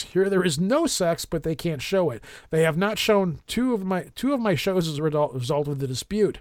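A man's voice: on the high side, expressive, moderate pace, few pauses, darkish tone, no room sound, clean studio sound. A man hosting a paranormal podcast, reading news articles aloud with stumbles and self-mocking asides.

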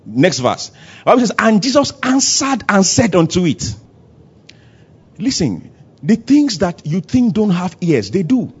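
A male pastor preaching with a high, husky voice that leaps all over the place as he acts out scenes. He moves between loud bursts and quiet asides. The church recording sounds dull and lo-fi. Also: unhurried. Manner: animated preaching, acts out dialogue, shifting loud and soft. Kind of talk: sermon. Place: church service.

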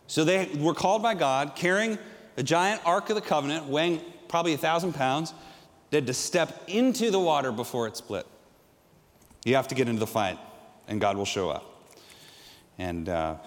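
A middle-aged male pastor preaching a sermon, telling stories with energy and swinging from loud to hushed. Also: on the high side, lively intonation, normal speed, long reverb tail.

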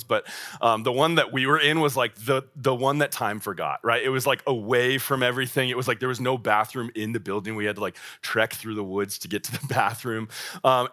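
A young man with a bright, forceful voice tells a summer camp story as a sermon to young adults. His delivery is casual and rambling, full of "like" and "um", and he speaks from a church room. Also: medium pitch. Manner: casual, filler-heavy with frequent "like".

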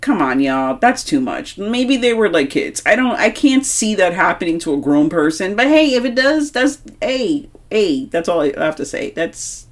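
A woman's voice: lowish voice, normal speed, hardly any pauses. A young woman co-hosting a horror movie podcast, talking emphatically and swearing a lot in casual chat. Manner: animated, heavy swearing, emphatic. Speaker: podcast co-host.

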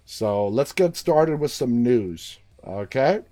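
Slow, mellow-voiced male host. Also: mid-range voice, animated. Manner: self-correcting, loose and conversational. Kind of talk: casual news chat.

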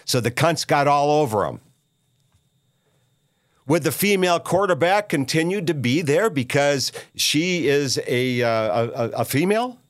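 A man from Minneapolis hosting his own podcast, ranting in a halting, rambling way full of filler sounds and restarts, with a scornful, combative edge. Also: on the high side, animated, no echo, studio quality. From Minneapolis, USA. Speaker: podcast host. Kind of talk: solo rant monologue.

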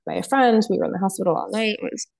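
A woman's voice: medium pitch, sing-song, racing, gravelly, darkish tone. A woman in her thirties, a nurse practitioner speaking as a podcast guest, telling personal stories earnestly with frequent laughs. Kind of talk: candid conversational interview.

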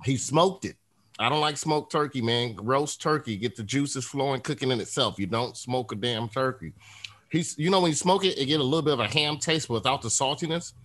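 A man hosting a podcast in casual chat, telling stories animatedly, acting out the voices he quotes, with loud outbursts. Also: medium pitch, brisk. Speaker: podcast host.

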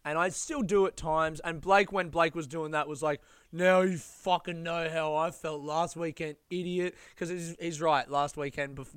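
A young Australian man telling stories in a casual monologue, animated, laughing and swearing as he goes. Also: on the high side, clear, resonant tone, dry recording.

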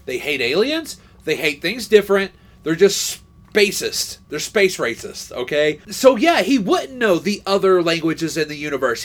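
A man co-hosting a casual movie podcast, talking in a high, bouncy voice that swings all over its range. He rambles, restarts his sentences and swears freely as he gets worked up. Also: a bit bright. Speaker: podcast co-host.

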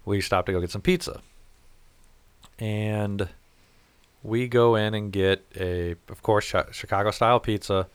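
A man's voice: on the low side, steady tone, measured pace, pauses often, clear, resonant tone, no room sound. A man telling a rambling, profane story in casual chat. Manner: rambling, profane, laughs at his own story.

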